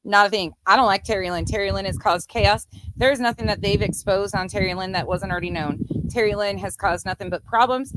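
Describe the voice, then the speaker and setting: Woman host, mid-pitched, blunt sarcastic commentary, dry close mic. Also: no room sound. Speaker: commentary streamer. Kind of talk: casual commentary.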